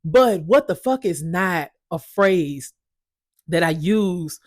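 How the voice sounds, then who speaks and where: A woman in her thirties casually telling her own story as a parent, animated and emphatic, swearing freely. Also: on the low side, slow, no room sound, clean studio sound.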